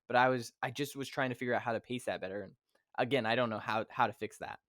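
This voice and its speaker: A man's voice: mid-range voice, quick pace, fairly bright tone, studio quality. Podcast host guy rambling, acts out his reactions, no room echo. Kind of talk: casual chat.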